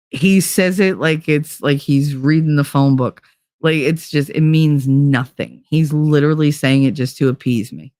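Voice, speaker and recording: A woman's voice: low voice, no echo, clean studio sound. A woman hosting a podcast, talking in a casual monologue with blunt, profane emphasis. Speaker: podcast host.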